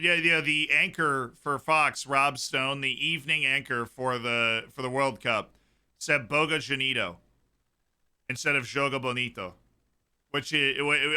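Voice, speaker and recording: Male streamer, young adult, casual live chat with excited bursts; very bright, crisp voice. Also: mid-range voice. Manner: chatty, reacting with sudden excited outbursts. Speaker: streamer hosting a watchalong.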